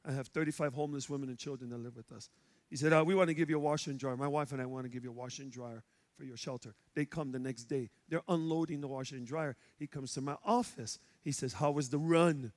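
A male pastor from Chicago with a Chicago accent, preaching and telling stories, going from loud shouts to hushed quiet. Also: medium pitch, steady tone, quick pace. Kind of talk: sermon. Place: church sanctuary.

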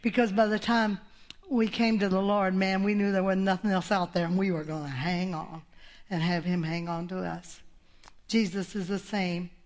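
A woman's voice: on the low side, a little mellow. An older woman preaching a sermon, folksy and exclamatory, with laughs between her points.

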